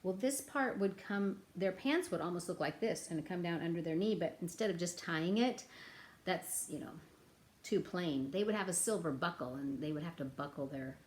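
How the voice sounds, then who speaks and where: A woman's voice: fairly low pitch, slight background noise. A woman teaching a children's music lesson, chatting playfully to the kids and breaking into sing-along nursery rhymes. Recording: echoey room with ukulele.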